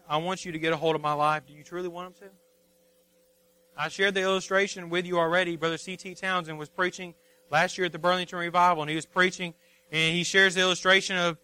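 A man, preaching a sermon as a pastor, pleading and impassioned, rising to near shouting. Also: high-pitched, smooth, dry recording, poor audio.

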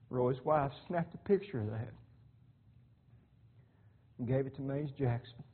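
A man's voice: medium pitch, measured pace, long pauses, breathy edge. A man preaching a sermon through a long story, fervent and folksy, often repeating words as he goes. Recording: tinny phone-like sound.

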